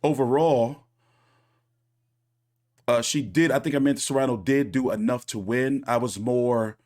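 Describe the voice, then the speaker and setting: A man's voice: medium pitch, a little fast, a little mellow. Man, boxing channel host, casual reaction commentary, rambling, opinionated. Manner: rambling, opinionated, many fillers.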